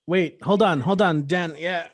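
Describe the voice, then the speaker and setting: A man with a slightly high voice hosts an open mic livestream from his home, recorded close and dry on a computer mic. He delivers rhythmic, wordplay-packed spoken word poetry and then chats and teases playfully. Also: measured pace, no room sound. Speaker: open mic host and poet.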